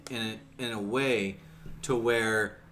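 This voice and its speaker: A man in a casual podcast chat, making calm, measured points. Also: on the low side, slight background noise. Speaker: podcast co-host.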